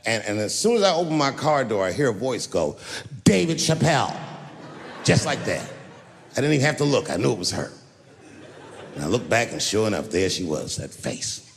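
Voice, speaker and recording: A male comedian tells a profane, animated story on stage, his pitch swinging all over the place. His voice rings with a long hall echo, and faint room noise sits behind it. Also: a little fast. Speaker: stand-up comedian. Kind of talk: live stand-up storytelling. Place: live comedy venue. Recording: echoey hall, live show.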